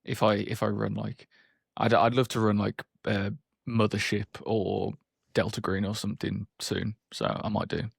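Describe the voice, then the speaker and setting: Husky, gravelly man. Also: on the low side, level tone, normal speed, no room sound, studio quality. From United Kingdom. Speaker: podcast co-host. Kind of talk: casual chat.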